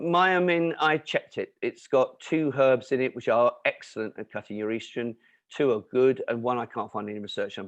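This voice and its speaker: A man answering questions in an explanatory talk, lecturing in an animated way with emphatic asides and fillers. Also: medium pitch, no echo, muffled recording. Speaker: nutrition and cancer speaker answering questions.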